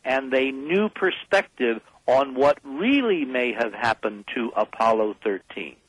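A man's voice: mid-range voice, animated, a little slow, poor audio. A man as a radio interview guest, talking in an emphatic, speechifying way.

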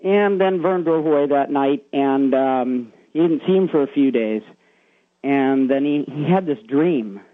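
A man's voice: mid-range voice, a little slow, dry recording. A man calling in to a radio show, earnestly retelling a secondhand story with many fillers. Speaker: caller. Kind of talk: phone-in storytelling. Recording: tinny phone line.

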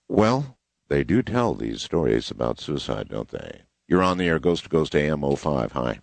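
A man hosts a late-night call-in radio show, taking calls and summing up what callers tell him. His voice is very deep but swings widely in pitch. The sound is dry and close to the mic. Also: normal speed, creaky, no room sound. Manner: animated, takes calls and sums up stories. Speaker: radio talk show host.

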